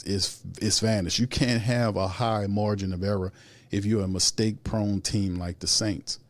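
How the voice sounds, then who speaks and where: Male sports host, lowish voice, dry sound, heated and repetitive rants. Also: no room sound. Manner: heated, repetitive, rising into exasperated outbursts. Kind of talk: opinionated sports commentary.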